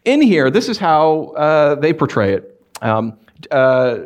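A pastor preaching a conversational sermon in a church, animated and questioning the congregation. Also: male voice, fairly high pitch, slow pace. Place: church sanctuary.

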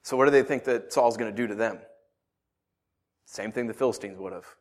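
A man in his thirties, a pastor preaching a sermon, swinging from loud outbursts to quiet asides. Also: fairly low pitch, brisk.

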